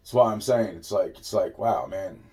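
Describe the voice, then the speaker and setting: A man spinning a meandering story in a dark, mellow voice. He curses in nearly every line and keeps circling back on himself. His sentences often drift off unfinished. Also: lowish voice, moderate pace. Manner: meandering, heavy swearing, trailing off into repeated fillers. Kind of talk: rambling personal storytelling.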